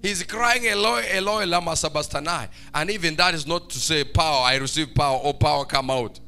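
A male preacher delivers a fervent church sermon. His voice is high and sharply bright, and he swings from shouted, sing-song peaks to near-hushed lines. Soft music plays faintly underneath. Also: a little fast. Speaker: pastor. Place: church service.

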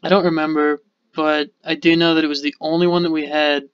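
A man's voice: fairly high pitch, little pitch movement, fairly quick, clear, resonant tone, no echo. A man co-hosting a casual podcast, telling a story in a rambling, profane way and acting out the people in it. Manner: rambling, profane, acts out quotes. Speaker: podcast co-host. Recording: dull lo-fi podcast audio.

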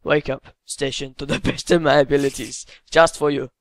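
A man's voice: mid-range voice, fairly even intonation, moderate pace, no echo. An English man hosting a let's play, chatting casually and teasing his co-player. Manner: joking, teasing banter. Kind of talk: casual gameplay chat.

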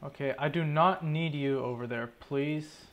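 Here the gaming channel host's voice sits on the higher side, slightly bright and unhurried. Talking to himself, he casually comments on his own play in a let's play, stressed and annoyed, with frequent swearing.

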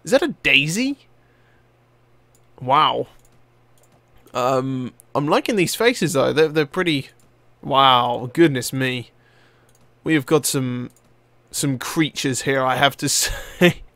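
A young man giving excitable, rambling let's-play commentary as he plays, swearing casually. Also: mid-range voice, slow, long pauses, no room sound. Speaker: gaming video host.

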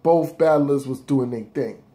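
This mellow, medium-pitched male voice moves a little slowly. He's casually counting down the year's best rap battles for his blog, swearing without restraint. The delivery is loose, rambling street talk full of profanity.

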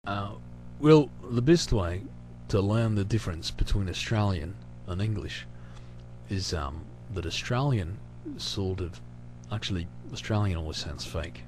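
Slow, hesitant young man rambling. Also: low voice, expressive, noisy background. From United States. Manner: rambling, hesitant, full of pauses. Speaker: channel host answering questions. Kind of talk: casual recorded chat.

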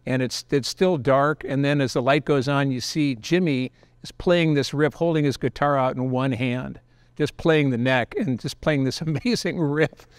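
An older man with a smooth, resonant voice recalls memories at an unhurried pace. The sound is dry and close to the mic, with his mid-range pitch coming through clearly. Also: dry recording. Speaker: guest actor. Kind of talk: relaxed storytelling.

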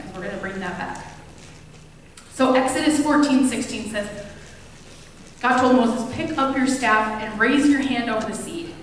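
A woman's voice: fairly high pitch, a little hiss or hum. A woman pastor giving a sermon, retelling scripture stories in a casual, conversational way with everyday voices. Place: church. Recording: echoey hall, mic at a distance.

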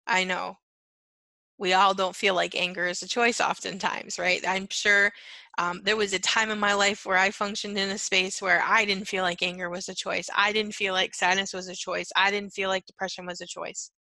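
A woman with a bright, gravelly voice talks her listeners through a lesson on empathy. She is earnest and repeats her key phrases, checking in with "right?" and "okay". The sound is dry and close. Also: mid-range voice, fairly even intonation, moderate pace, no echo, low-quality recording. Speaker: empath coach. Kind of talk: teaching monologue.

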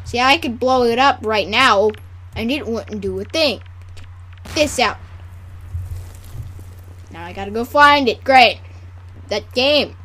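A woman's voice: a little high, a bit bright. A woman rambling through casual, goofy gameplay commentary. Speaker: gameplay video creator.

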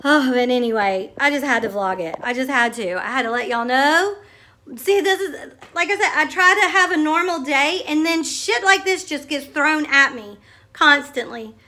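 Excitable, chatty, bright-voiced woman. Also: high-pitched, normal speed, slight background noise. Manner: chatty and excitable, swearing, addressing viewers as y'all. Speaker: vlogger. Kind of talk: casual storytelling to camera.

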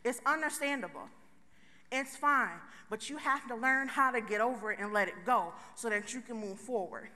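Bright, high-voiced woman speaking in a hall. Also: a little fast. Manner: chatty, joking, addresses the crowd directly. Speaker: conference speaker. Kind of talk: motivational talk to a live audience. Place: large conference hall. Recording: long reverb of a large hall.

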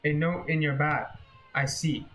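A man reading the lines of a casual teenage schoolboy in a horror game, plainly and flatly. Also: fairly high pitch, measured pace, a little hiss or hum. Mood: puzzled.

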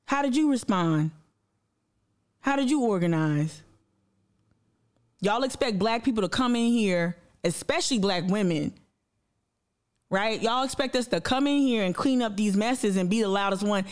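A woman's voice: medium pitch, animated, normal speed, long pauses. A woman hosting a livestream, giving a blunt, impassioned monologue full of profanity and repetition, speaking straight to her audience. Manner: addresses the audience directly and reads viewer comments aloud. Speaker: livestream host.

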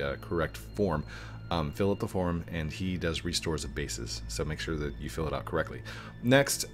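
A man in his thirties, a gaming YouTuber, answering viewer questions in a rambling, casual way that swings from somber to excited. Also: deep voice. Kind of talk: casual Q&A chat. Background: faint music.

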